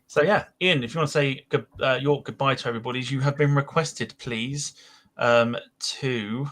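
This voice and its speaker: A man's voice: mid-range voice, moderate pace, fairly bright tone. A man hosting a podcast, chatting casually and rambling with lots of ums as he wraps up the show. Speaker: podcast host. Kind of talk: casual podcast chat and sign-off.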